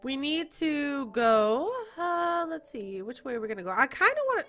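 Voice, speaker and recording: A young woman gamer with a very high, bright voice, narrating her play. Her pitch leaps around in lively swings, she giggles a lot, and she jumps from squealing outbursts to low mumbling. Game music plays faintly behind her. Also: moderate pace. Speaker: gaming YouTuber. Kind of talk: excited let's-play commentary.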